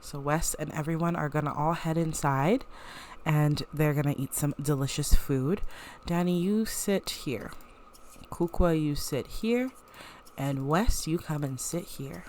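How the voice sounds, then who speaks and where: A woman's voice: deep voice, a little mellow, slight background noise. A woman narrating a life-sim let's-play in a casual, chatty way. She giggles often and talks straight to her viewers. Her tone is playful.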